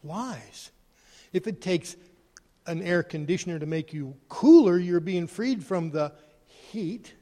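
A man preaching a sermon, animated, swinging between loud emphasis and quiet, hushed asides. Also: high-pitched, slow pace. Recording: long hall reverb.

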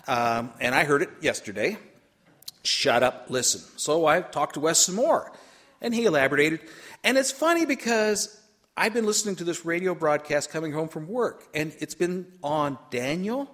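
Husky, animated preacher man. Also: a little high. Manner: animated, swings from loud to quiet asides. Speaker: pastor. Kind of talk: storytelling sermon.

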